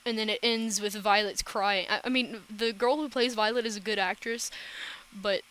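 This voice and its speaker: Woman, casual reaction vlog, rambling, profane, bright clear tone. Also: medium pitch, fairly even intonation, poor audio. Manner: rambling, profane, quick asides. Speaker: reaction vlogger.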